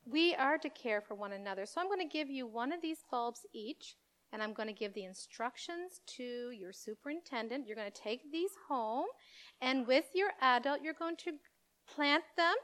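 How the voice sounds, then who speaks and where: A woman giving a children's message in church, animated and speaking directly to children. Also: high-pitched. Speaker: children's minister.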